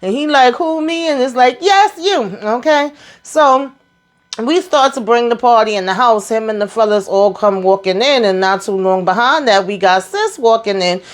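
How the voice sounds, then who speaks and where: A woman's voice: fairly high pitch, normal speed. A woman hosting a casual TV episode recap, chatty and slangy, acting out the characters' lines as she goes. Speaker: TV recap host.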